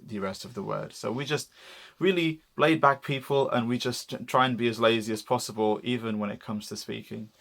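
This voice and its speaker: A man from the Algarve with a Portuguese accent, a native Portuguese speaker, explaining phrases in a relaxed lesson with small restarts. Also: medium pitch. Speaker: co-host teaching Portuguese. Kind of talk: casual language lesson.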